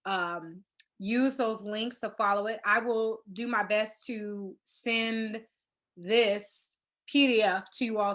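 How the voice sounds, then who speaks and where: A woman presents an online course in an easygoing, chatty way. Her pitch sits in the middle range, and she pauses often with fillers and small restarts. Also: a bit bright. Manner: conversational, many fillers like "um" and "like". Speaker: course instructor. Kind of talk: casual presentation.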